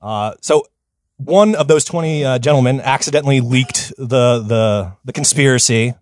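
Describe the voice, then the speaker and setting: A man's voice: mid-range voice, moderate pace. A man hosting a comedy history podcast, telling the story casually, swearing freely and acting out the people in it. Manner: animated, swears freely, acts out quoted figures.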